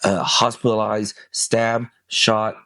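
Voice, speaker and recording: A man's voice: on the low side, level tone, takes it slowly, pushed and bright, no echo. A man guesting on a podcast, telling an intense personal story with emphatic, profane speech. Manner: intense, emphatic, swears freely.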